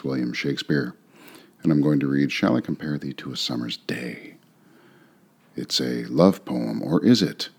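A man reading a sonnet aloud, then talking through its meaning in a relaxed, musing way with rhetorical questions. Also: a bass voice, gravelly, husky. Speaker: poetry reader and explainer. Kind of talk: poetry reading and casual commentary.

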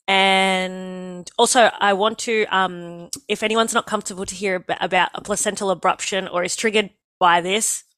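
A woman's voice: medium pitch, no room sound. A young Australian woman telling her birth story in a casual, joking way, acting out what people said. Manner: lively, joking, acts out quotes.

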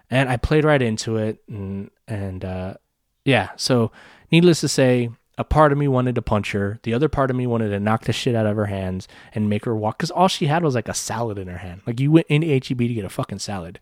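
A man's voice: fairly low pitch, normal speed, no room sound, clean studio sound. A man hosting a podcast, telling a story in a casual monologue. He rambles, swears freely and often restarts his sentences. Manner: rambling, profane, many restarts. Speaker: podcast host.

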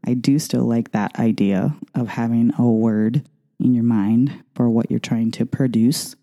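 A woman's voice: extremely low pitch, steady tone, a little slow, warm tone. A middle-aged woman, a ballroom dance coach, talking casually in a chatty, rambling way full of asides. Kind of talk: casual monologue.

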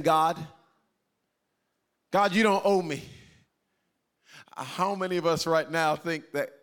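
Pastor, male, sermon delivery; lively, conversational, jokes with the congregation; voice sits a bit high. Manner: animated, conversational preaching with jokes and crowd interaction. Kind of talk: sermon to a live and online congregation.

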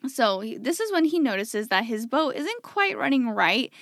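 Young female podcast host, fairly high-pitched, casually retelling a crime case in a dry, close sound. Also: sing-song, moderate pace, a bit bright, no room sound. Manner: chatty, acts out people in quotes, lots of "like". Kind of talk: casual true-crime chat.

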